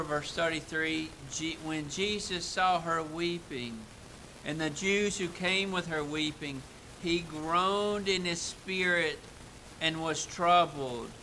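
Bright high-voiced man preaching slowly. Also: slight background noise, poor audio. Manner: earnest, rising to emphatic peaks and dropping to soft reflective asides. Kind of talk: sermon.

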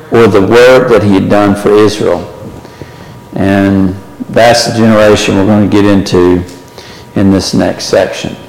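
A man's voice: lowish voice, creaky. Male Bible study teacher, chatty and questioning, recorded in a big reverberant hall. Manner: conversational, asks the class questions, frequent "right?". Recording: echoey hall from far off.

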